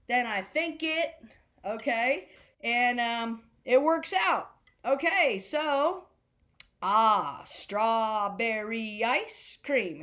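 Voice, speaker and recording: A woman teaching a drum class, chatting loosely and chanting rhythm words slowly in time. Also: on the high side. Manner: chatty, rambling explanations. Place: senior center class room.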